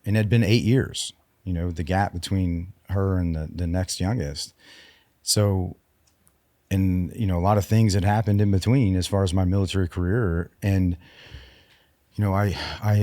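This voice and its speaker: This is a man in his forties with a very deep voice and a warm, dark tone. He is a veteran guest on a podcast, telling his story candidly. He speaks in a halting, subdued way and restarts his sentences often, recorded in a dry, close room. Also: no echo.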